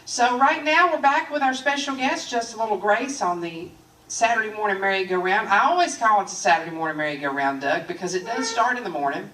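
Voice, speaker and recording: A woman hosting a live radio music show, chatting in a relaxed way with lots of fillers. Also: medium pitch, fairly quick, far from the mic. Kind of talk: casual live radio chat. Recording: roomy studio sound, off mic.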